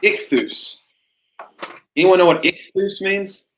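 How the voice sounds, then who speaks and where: A man leads a classroom Greek lesson at an unhurried pace, patiently drawing answers out of his students with questions. His voice sits at an ordinary pitch. The recording is dull and lo-fi, as if captured on a modest device in the classroom. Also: fairly bright tone, slight background noise. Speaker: Greek teacher. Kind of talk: classroom teaching.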